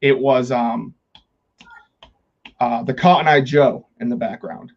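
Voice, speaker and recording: A man's voice: medium pitch, fairly even intonation, slow, gravelly, darkish tone. Guy hosting a podcast, chatty and sweary, keeps restarting, kinda muffled sound. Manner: rambling, profane, many restarts. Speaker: podcast host. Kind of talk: casual chat.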